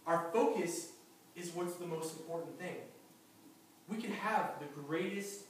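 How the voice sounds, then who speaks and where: Male pastor, fairly high voice, chatty storytelling sermon; booming church echo, distant mic, faint hiss. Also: measured pace. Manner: lively anecdotal storytelling with chuckles. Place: church sanctuary. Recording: very echoey church hall from far off, faint noise.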